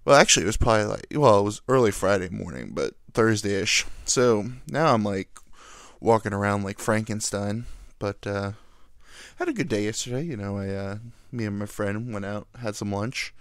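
Man, young adult, podcast host, rambling, self-deprecating, lively pitch, dry close sound. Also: normal speed, no echo. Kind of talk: casual solo chat.

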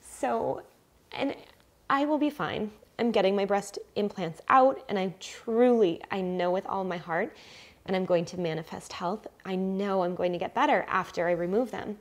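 A woman's voice: mid-range voice, normal speed. A woman in her forties talking candidly to the camera at home about her own health, emotional and hesitant, with frequent ums and restarts, then reading a list of symptoms aloud item by item. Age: 40s. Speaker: vlogger sharing a personal health story. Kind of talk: casual personal vlog. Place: at home, messy room.

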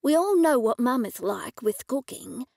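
A woman's voice: fairly high pitch, big pitch swings, a little slow, creaky, warm tone, dry recording, clean studio sound, full character voice. A woman narrating an audiobook, voicing a grown son who talks in a smug, dismissive way.

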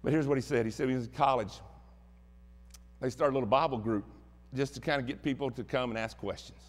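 A man's voice: medium pitch, fast, long reverb tail. A man with a Southern American accent preaching a sermon as pastor, telling stories in a folksy, plainspoken way. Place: church sanctuary.

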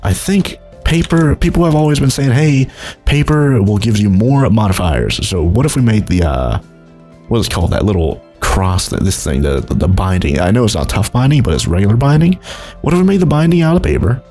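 Young male gaming host, husky low voice with wild pitch swings, chatty and rambling, faint music underneath. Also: sing-song, fairly quick, a little mellow. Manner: rambling, chuckling, jumps between low mumbles and high exclaims. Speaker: gaming YouTuber. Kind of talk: Minecraft let's play commentary.

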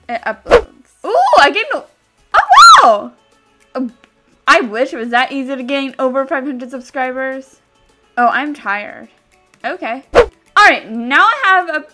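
A woman giving casual commentary while playing a video game, excitable and chatty, bursting into squeals and screams. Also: high voice. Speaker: gaming YouTuber.

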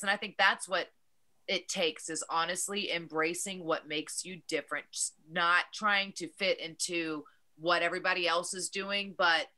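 A woman wrestler, a guest on a talk show, speaking earnestly and warmly in casual chat. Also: sits low. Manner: earnest, heartfelt.

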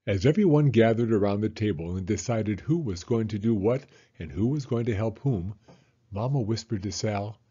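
Expressive man reading a kids' book. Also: lowish voice, moderate pace, slightly rough, lo-fi sound. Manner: expressive, animated narration. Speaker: storyteller reading to kids. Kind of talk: children's book read-aloud.

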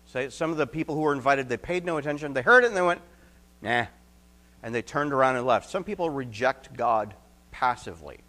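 A male pastor preaching an expository sermon, telling stories and acting out quotes, then dropping to quiet emphasis. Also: medium pitch, fast. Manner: animated storyteller, acts out quotes, drops to quiet emphasis.

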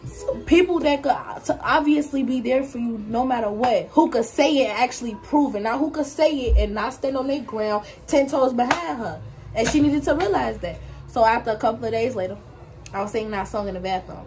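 A woman's voice: fairly high pitch, brisk, a little mellow, slight background noise. A young woman, a guest telling her side of the story bluntly, swearing and addressing viewers directly. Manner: blunt, swears freely, talks straight to viewers. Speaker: guest friend. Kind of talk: casual storytelling chat.

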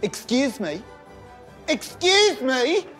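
An Australian man playing a rude, foul-mouthed young fast-food worker who snaps sarcastic insults at customers in a comedy sketch. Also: very high voice, big pitch swings, a bit bright, faint music behind, heavily acted. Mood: insulting.

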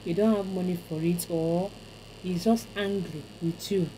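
Woman, Nigerian accent, spiritual teacher, mellow low voice, faint noise behind. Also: steady tone, low-quality recording. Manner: chanting invocations, deliberate repetition. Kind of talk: instructional ritual teaching.

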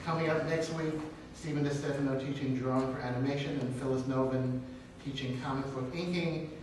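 A man's voice: medium pitch, steady tone, fairly quick, darkish tone. Casual male event host in an echoey room. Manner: casual, hesitant with fillers. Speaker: host introducing a speaker. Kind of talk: event announcements and introduction. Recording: echoey room, distant mic, noise.

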